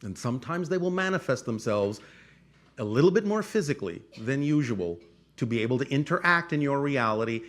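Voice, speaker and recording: A man speaking as a channeler, answering audience questions in a formal, measured cadence with repeated phrases. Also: a little high. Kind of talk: channeled spiritual talk.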